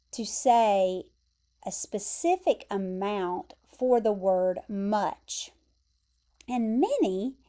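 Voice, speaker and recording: A woman with an American accent teaches English vocabulary at a very slow, deliberate pace. Her voice sits a little high with a mellow, warm tone. She spells out words and repeats each pronunciation with care. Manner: slow, careful explaining with clear repeated pronunciations. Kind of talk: vocabulary lesson.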